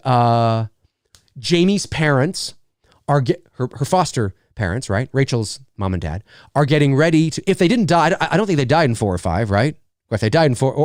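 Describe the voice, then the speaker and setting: A man's voice: a little high, dry recording, clean studio sound. Rambling, swearing man on a live stream. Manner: rambling and animated, swears freely, acts out quick asides; reads out and answers viewer comments. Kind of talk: casual live-stream chat.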